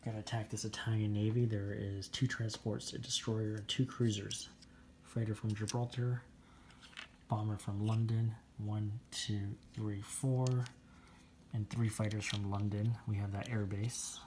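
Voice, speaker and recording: A man narrates his own turn in a tabletop strategy game, methodically counting out moves and dice rolls as casual commentary. His fairly low, darkish voice is flat and measured, with slight background noise.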